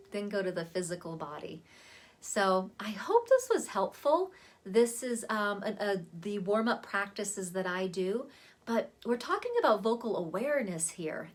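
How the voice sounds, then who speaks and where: A woman coach talks viewers through vocal warm-ups in a relaxed, chatty way. Her voice sits at an ordinary middle pitch. She speaks to the camera from a seat at home. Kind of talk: casual spoken voice lesson.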